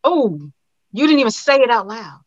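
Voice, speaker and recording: A woman's voice: fairly high pitch, lively intonation, normal speed, muffled recording. A woman listening in casual chat, reacting with short exclamations.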